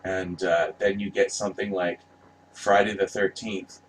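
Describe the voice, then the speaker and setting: A man's voice: low-pitched, level tone, a little slow, slight background noise, poor audio. A man giving casual, rambling commentary, passionate and profane, often restarting his sentences. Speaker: vlogger reviewing movie posters.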